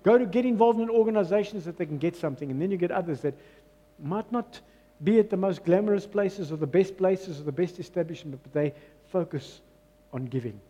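Emphatic preacher. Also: male voice, sits high, a little fast, dark tone, long reverb tail, dull audio. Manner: emphatic, repeats phrases, mixes in Afrikaans. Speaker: pastor. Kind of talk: sermon. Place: church.

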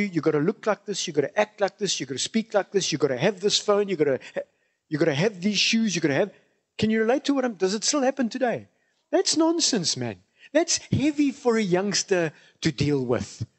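Preacher guy, pretty high voice, hammers his points by saying them twice, sermon to a congregation. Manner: emphatic, repeats phrases for stress.

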